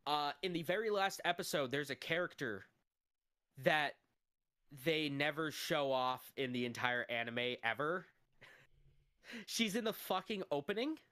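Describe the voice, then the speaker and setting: Man co-hosting a casual podcast, bright, lively delivery, dry close mic, swears freely. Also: on the high side, unhurried, pauses often, clean tone, dry recording. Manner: profane, animated ranting. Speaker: podcast co-host.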